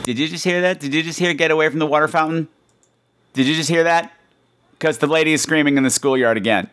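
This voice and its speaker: Campy and teasing, a man talks casually on his solo podcast, scolding listeners in a playfully stern manner. His voice sits fairly high, with a quick pace and a clean, slightly bright tone.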